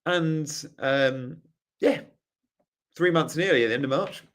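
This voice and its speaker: A young man hosting a live stream Q&A, reading chat questions aloud in a jokey, casual way, his voice hoarse after a night out. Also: a little high, a little slow, a bit bright. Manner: reads chat questions aloud, jokey, tries silly regional accents. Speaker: host.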